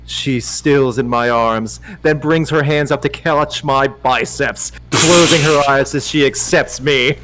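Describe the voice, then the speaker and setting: A man as guest reader on a livestream, giving a mock-dramatic, teasing reading and loudly urging the host on. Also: mid-range voice, slow, hardly any pauses, background noise. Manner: teasing, theatrical, swings to loud urging.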